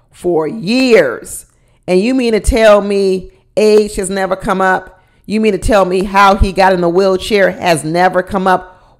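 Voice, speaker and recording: A woman sassily recapping a reality TV episode, with folksy sayings, frequent laughs and acted-out quotes from the cast. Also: medium pitch. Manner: sassy, animated storytelling with folksy sayings; acts out the cast members' quotes and laughs often.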